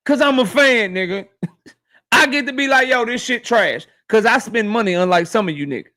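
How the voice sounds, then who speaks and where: High-voiced man ranting to his stream chat. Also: fairly quick. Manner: profane, animated, talks straight to his chat. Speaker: boxing YouTube host. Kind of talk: casual livestream rant.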